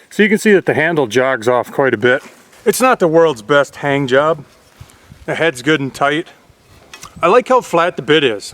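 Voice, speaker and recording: Chatty plain-spoken guy doing a vlog, kinda high voice, bright punchy tone. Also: no echo. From Upper Michigan. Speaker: YouTube host reviewing an axe. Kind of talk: casual vlog talk.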